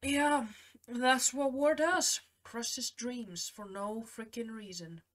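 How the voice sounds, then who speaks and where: A woman's voice: on the high side, steady tone, slow pace, fairly bright tone. A young woman hosting a film reaction video, commenting emotionally and talking back to the screen.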